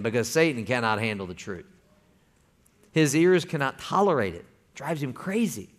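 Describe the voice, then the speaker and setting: A man's voice: on the high side, a bit bright. Folksy preacher man. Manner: folksy, calls for congregation responses. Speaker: pastor. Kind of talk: sermon.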